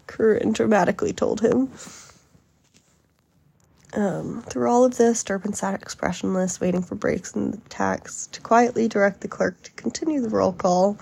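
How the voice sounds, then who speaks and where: A woman's voice: medium pitch, vocal fry, mellow, husky. A woman hosting a casual podcast, reading an article aloud in a chatty, amused way with frequent fillers. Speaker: podcast host.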